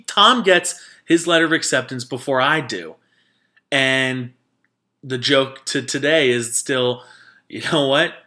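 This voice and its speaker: Podcast host, 30s man from New Jersey, casual rambling storyteller, bright forceful voice. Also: mid-range voice. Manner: casual, rambling, with many fillers.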